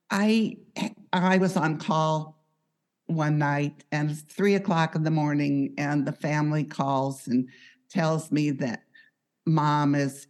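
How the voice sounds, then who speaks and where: Low-voiced woman, hospice worker, talks real slow and thoughtful, telling stories. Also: darkish tone. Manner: measured and reflective. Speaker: on-call hospice healthcare professional. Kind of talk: conversational storytelling.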